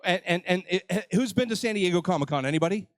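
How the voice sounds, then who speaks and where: A man's voice: high voice, animated, fast talker, no room sound. An older man hosting a live convention panel, joking with the crowd and mocking himself. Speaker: panel host. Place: convention stage.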